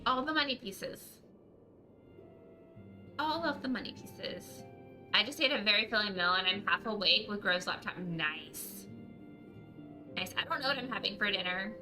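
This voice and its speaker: A woman streamer chatting casually and excitably on a livestream, laughing often. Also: medium pitch, poor audio.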